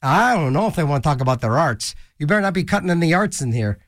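A man's voice: on the high side, expressive, fast talker, no echo. A man hosting a college radio show from a small studio, rambling through silly, joking asides between songs. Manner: goofy, rambling, jokey asides and silly voices. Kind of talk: casual DJ banter. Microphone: studio microphone.

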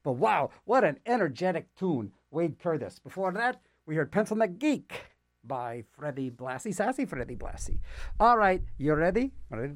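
A man's voice: fairly high pitch, sing-song, moderate pace. A man hosting a radio show, chatting casually between records and reading public service announcements with rambling, jokey asides and lots of fillers.

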